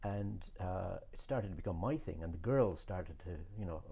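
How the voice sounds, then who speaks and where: A middle-aged man with an Irish accent, a podcast guest telling stories in a relaxed, rambling way with many fillers and chuckles. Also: deep voice, normal speed, gravelly, slightly rough. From Ireland. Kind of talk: relaxed conversational storytelling.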